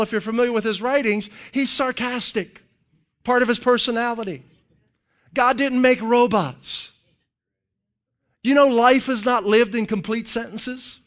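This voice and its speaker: A middle-aged pastor delivers a sermon in an animated, conversational way, throwing out rhetorical questions. His voice is high.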